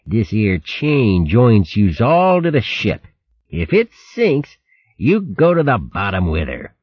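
A man voicing a coarse, gloating male sea rat boatswain who talks in rough dialect in a storybook reading. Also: on the low side, huge pitch swings, no echo, voice pushed up, exaggerated voice. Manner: rough dialect, drawn-out menacing taunts. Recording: dull dry audiobook recording.

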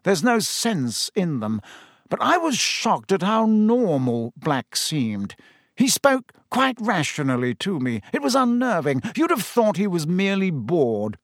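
A man's voice: high voice, big pitch swings, measured pace, no room sound, clean studio sound, voice pushed up, exaggerated voice. A man doing a pompous, shaken government minister. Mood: troubled. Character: pompous middle-aged male minister, self-important but shaken.

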